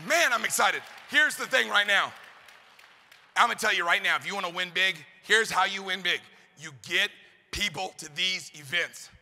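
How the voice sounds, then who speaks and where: A man giving a fast-firing motivational speech to a live audience, pumping up the crowd with call-and-response questions and shouts. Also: sits high. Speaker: motivational speaker. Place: large event hall. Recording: hall reverb, live event.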